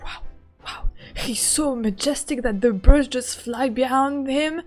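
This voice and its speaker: A woman streaming a game playthrough, excitable and giggly, talking loosely with lots of fillers. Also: high voice, measured pace, soft background music.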